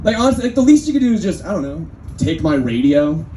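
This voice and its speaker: A man's voice: on the high side, big pitch swings, quick pace, noisy background. A man from Northern California doing a stand-up set in a restaurant, with rambling, conversational crowd work. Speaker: stand-up comedian. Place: restaurant comedy night, indoors.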